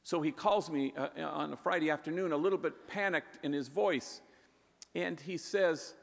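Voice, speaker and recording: A man, a priest, telling stories in a warm conversational way in a public talk, sprinkling in Spanish words. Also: fairly high pitch, moderate pace, vocal fry. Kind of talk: storytelling speech. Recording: echoey hall with long reverb.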